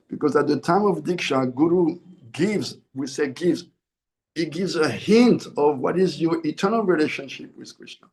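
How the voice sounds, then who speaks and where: Swami guy preaching, kinda high voice, earnest, keeps correcting himself. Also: lively intonation, moderate pace, darkish tone. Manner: earnest, repeats and corrects himself mid-phrase. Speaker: swami giving a spiritual discourse. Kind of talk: sermon.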